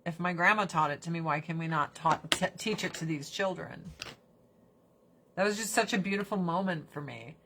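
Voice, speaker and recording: Animated woman chatting on a livestream. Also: on the low side, a little hiss or hum. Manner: animated, breaks into mocking put-on voices; swears casually, talks fast then drags words out. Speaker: livestream host. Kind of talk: casual livestream chat.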